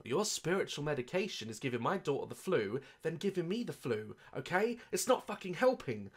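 A man hosting a comedic reaction video, loud and mocking, swearing often and laughing between rants. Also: a little high, big pitch swings, normal speed, slightly rough.

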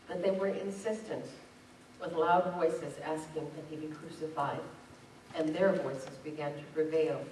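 A woman's voice: lowish voice, fairly even intonation, normal speed, a little mellow, slight background noise. A woman pastor preaching a sermon, reading scripture aloud and driving points home with rising emphasis. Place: church sanctuary. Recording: echoey church from a distance.

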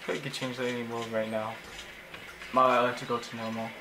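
A young man giving casual, excitable commentary while he plays a video game, often exclaiming in frustration. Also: mid-range voice, a little fast, background noise. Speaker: gaming YouTuber.

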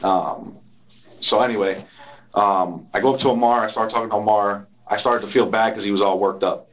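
A low-voiced man tells his side of the story in an interrogation room, rambling and swearing as he acts out what others said. The recording is muffled and dull, like a room recorder. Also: fairly even intonation, fairly quick. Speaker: officer being interrogated. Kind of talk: recounting events under interrogation.

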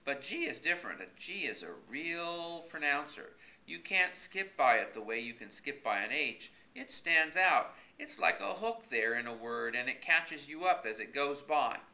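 A stubborn country man holds forth about letters in bright, lively, raised tones, put on by a male reader. He talks in folksy, ungrammatical speech and argues every point. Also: fairly high pitch, normal speed, gravelly, hardly any pauses, voice pushed up, full character voice. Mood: lecturing. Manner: folksy rural grammar, argumentative. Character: stubborn rural grown man, fussy about spelling.

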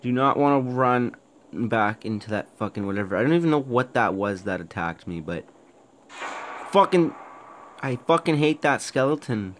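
A young man giving let's-play commentary on a horror game, jumpy, swearing a lot and shouting when startled. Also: medium pitch, lively intonation, moderate pace, a little hiss or hum. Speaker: gaming YouTuber.

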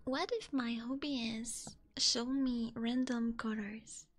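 A woman streaming whispered role-play ASMR as a playful demon catgirl, speaking in soft giggly whispers and teasing her chat on a binaural microphone. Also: a little high, fairly even intonation, slow, soft background music.

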